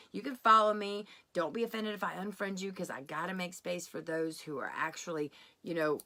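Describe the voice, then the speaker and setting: A woman's voice: mid-range voice, fairly bright tone. A middle-aged woman hosting a live keto workshop, chatty and encouraging, greeting viewers by name as she talks. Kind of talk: casual livestream chat.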